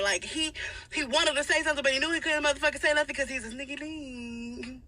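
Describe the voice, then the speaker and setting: A woman tells a crude personal story in a bright, forward tone. She talks casually and profanely, laughs often, and stays animated throughout. Her voice sounds set back a little from the microphone. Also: high-pitched, fast talker, no echo, recorded from a distance.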